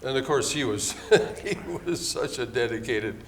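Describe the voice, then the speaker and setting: A man's voice: medium pitch, moderate pace, a bit bright, long reverb tail, a little hiss or hum. Older man interviewing with eager exclamations. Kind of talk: oral history interview.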